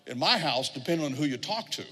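Middle-aged guy preaching, kinda high voice, storytelling, big echoey hall. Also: expressive, fast, sharp tone, breathy edge. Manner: storytelling, acts out quoted voices. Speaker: pastor. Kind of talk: sermon. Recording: long hall reverb.

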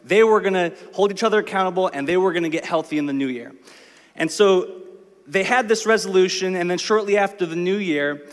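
Speaking fairly quickly, a high-voiced male pastor delivers a church sermon, narrating a story in a conversational tone and rising into emphatic lists, all carried by the long reverb of a big hall.

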